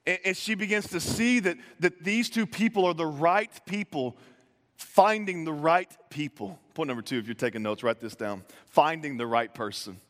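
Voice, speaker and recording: A man's voice: on the high side, moderate pace, a bit bright. A man preaching a conversational sermon, telling the story playfully with modern asides and stammered restarts. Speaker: pastor. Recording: echoey hall with long reverb.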